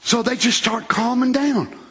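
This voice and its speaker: A man preaching a fiery sermon, moving between quiet talk and shouted bursts in folksy grammar. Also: very high voice, unhurried, gravelly, breathy edge, lo-fi sound.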